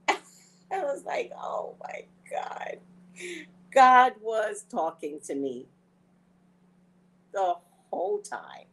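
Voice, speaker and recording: A woman hosting a spiritual talk show, telling stories in a casual, animated way, often laughing and acting out her own thoughts. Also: medium pitch, very slow, long pauses, low-quality recording. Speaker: psychic reader and show host.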